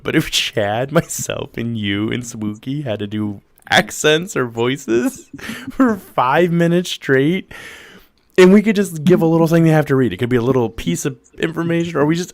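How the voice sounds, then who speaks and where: A man's voice: medium pitch, no room sound. A man hosting a casual late-night livestream, goofy and laughing as he tells stories and sets up games. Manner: goofy, laughing, animated storytelling. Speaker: podcast host.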